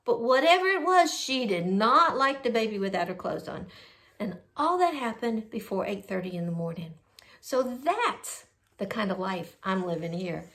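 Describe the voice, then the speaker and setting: A middle-aged woman hosting a casual storytelling vlog from home, animated and quick to act out quotes. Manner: animated, quotes people in a jumpy high voice. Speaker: host.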